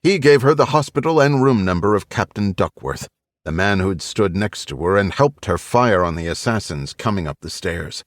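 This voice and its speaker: A man narrating a thriller audiobook in a brisk storytelling manner on a close mic. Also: on the low side, animated, no room sound. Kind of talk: scripted narration.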